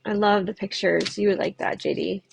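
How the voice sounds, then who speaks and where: Woman tarot reader on a home livestream: loose, chatty, middle-pitched, quick to laugh. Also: steady tone, gravelly, noisy background. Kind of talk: casual livestream chat.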